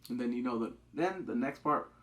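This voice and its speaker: A man casually reviewing a TV episode, excitable, acting out quotes with big jumps in pitch and swearing loosely. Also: fairly quick. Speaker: TV show reviewer.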